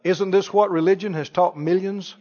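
A man's voice: high voice, fairly even intonation, normal speed, darkish tone. Male preacher, playful and emphatic, in an echoey hall with a dull recording. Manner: rhetorical questions, playful and emphatic. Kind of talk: sermon.

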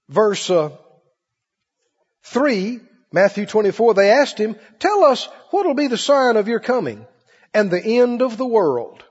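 A man preaching a sermon in an animated way, slipping into mocking put-on voices. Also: high-pitched, slightly rough. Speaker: pastor. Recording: dull recording in a reverberant hall.

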